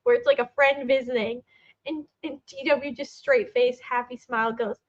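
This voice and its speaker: A woman co-hosting a podcast in casual chat, excitable, swearing often and laughing a lot. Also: high-pitched, normal speed, muffled recording. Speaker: podcast co-host.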